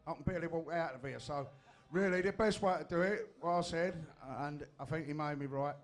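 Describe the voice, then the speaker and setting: A man's voice: on the high side, brisk. Blunt sweary man in his sixties. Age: 60s. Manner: blunt, sweary, plain-spoken. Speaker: audience member. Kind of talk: speaking up at a meeting.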